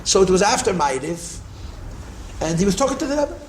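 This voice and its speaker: An older man with a high voice tells rabbinic stories, circling back through repeated phrases and dropping in Yiddish and Hebrew words. He is heard in an echoey room with a faint hiss of noise behind him. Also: fairly quick. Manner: repetitive, animated storytelling sprinkled with Yiddish and Hebrew terms. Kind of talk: storytelling talk.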